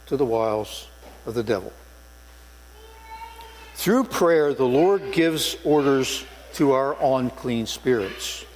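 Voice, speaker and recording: An older man, a former police sergeant, preaching a sermon in a church sanctuary with earnest storytelling and emphatic stresses. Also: mid-range voice. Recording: long hall reverb with mains hum.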